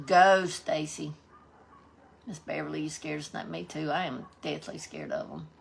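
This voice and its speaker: Southern woman, live-stream host, gravelly low voice, folksy chatter with viewers. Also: a little hiss or hum. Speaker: livestream host. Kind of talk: casual live-stream chat, reading out viewer comments.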